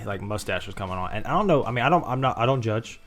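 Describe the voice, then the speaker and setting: A man's voice: on the low side, lively intonation, fast talker, fairly bright tone. A man in his twenties co-hosting a podcast, rambling with lots of hesitations in a casual chat. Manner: rambling, hesitant, laughs often. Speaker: podcast co-host.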